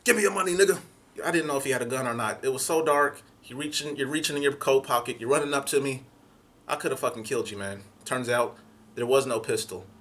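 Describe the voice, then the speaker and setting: A young man telling a comic story in an animated, profane way, acting out voices. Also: mid-range voice, quick pace.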